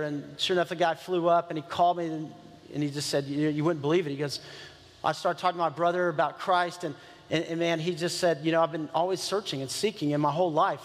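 A man preaching as a pastor, earnest and conversational, repeating key phrases for emphasis. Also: a little high. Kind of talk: sermon. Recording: long reverb of a large hall.

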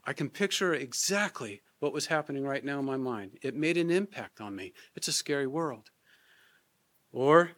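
A middle-aged man preaching, his voice sitting a little higher than most men's. He speaks gently and earnestly and repeats his key lines slowly so they sink in. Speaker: pastor. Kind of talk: sermon.

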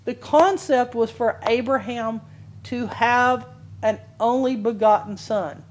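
Older lady preaching, tells her story with lots of laughs, voice sits kinda high. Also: slow. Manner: animated storytelling with frequent laughs. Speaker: Bible teacher. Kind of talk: sermon-style testimony and Bible teaching.

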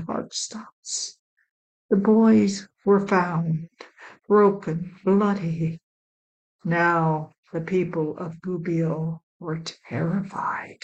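A professional storyteller from Illinois, a woman telling a legend in a measured, dramatic way. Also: lowish voice, a little mellow, muffled recording. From Illinois, USA.

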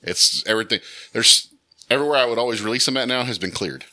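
A man's voice: mid-range voice, fast talker, pushed and bright. A man in his forties, a podcast guest, telling laid-back anecdotes in casual chat.

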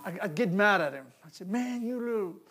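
A man preaching a sermon, swinging from loud, animated calls to hushed asides and laughing between points. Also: sits high, a little fast, vocal fry.

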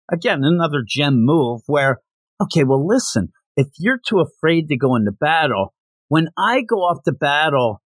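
A man's voice: fairly high pitch, no echo. A man hosting a casual podcast, recapping a comic chapter in a chatty, slangy way and reading characters' lines aloud. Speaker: podcast host.

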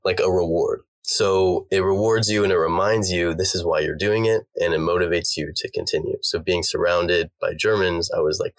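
Young american dude, really low voice, says "like" constantly, chatty interview guest. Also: male voice. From United States. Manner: rambling, filler-heavy with many "like"s. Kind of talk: casual interview answers.

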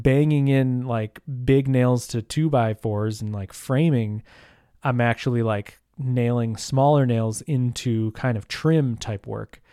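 A man hosts his own podcast in a loose, rambling monologue. He keeps breaking off mid-sentence, leans on fillers and throws in mild curses. His voice sits at an ordinary pitch and sounds dry and close, with no room echo. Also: a little mellow. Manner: rambling, self-interrupting, full of fillers and mild swearing. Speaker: podcast host. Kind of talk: casual solo podcast monologue.

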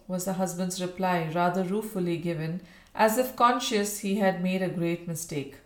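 A woman narrating a Victorian novel as an audiobook, in a measured, even reading. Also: fairly low pitch. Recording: roomy echo.

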